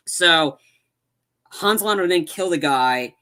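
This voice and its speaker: Casual podcast co-host, male, tense bright tone, slightly high, rambles and backtracks with plenty of fillers. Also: animated, takes it slowly. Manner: rambling, many fillers and restarts. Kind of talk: casual movie chat.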